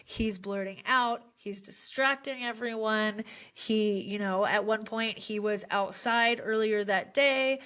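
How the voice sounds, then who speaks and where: A woman's voice: medium pitch, slow pace, hardly any pauses, a bit bright. A young adult woman, a special education teacher, telling heartfelt stories in an earnest podcast conversation. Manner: earnest, heartfelt storytelling with frequent fillers.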